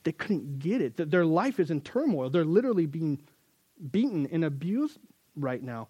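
A male preacher quoting God, speaking to Moses softly and reassuringly in his sermon. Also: on the high side, big pitch swings, normal speed, husky, no echo. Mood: gentle.

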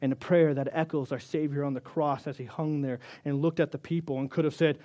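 A man preaching a sermon, acting out quotes of God and Moses and moving between loud and soft, with casual asides between scripture readings. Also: on the high side, steady tone, a little fast, few pauses. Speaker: pastor.

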